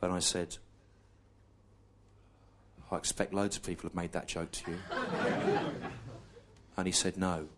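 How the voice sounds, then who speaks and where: A low-pitched English man tells a story on stage in a dry, deadpan way, lingering on repeated lines and pauses. Loud audience laughter rolls in over the live recording. He sounds like a man in his forties working a comedy room. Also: heavy background noise. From England. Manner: deadpan, slow and repetitive, with long pauses. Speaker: stand-up comedian. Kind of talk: stand-up storytelling.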